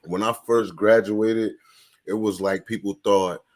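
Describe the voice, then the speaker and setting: Man, very deep voice, laid-back and candid, counselor. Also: steady tone, a little slow, noisy background. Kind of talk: casual group discussion.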